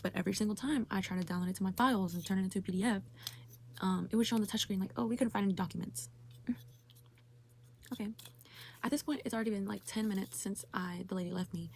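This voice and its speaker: A woman's voice: mid-range voice, fast, creaky, long pauses, slight background noise. A young woman telling a frustrated story in a casual vlog rant, full of "like" and swearing. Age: young adult. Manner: exasperated, heavy use of "like", swearing. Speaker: vlogger.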